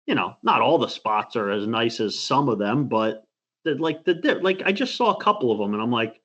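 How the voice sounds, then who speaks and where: A man's voice: medium pitch, moderate pace. Male co-host, chatty and rambling, medium voice, a little muffled recording. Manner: rambling, animated storyteller. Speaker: podcast co-host. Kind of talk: casual chat.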